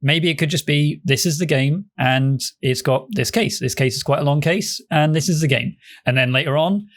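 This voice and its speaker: A man's voice: a little high, normal speed. A man co-hosting a casual podcast chat about game design, talking animatedly, acting out little quotes and swearing casually. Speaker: podcast co-host, game developer.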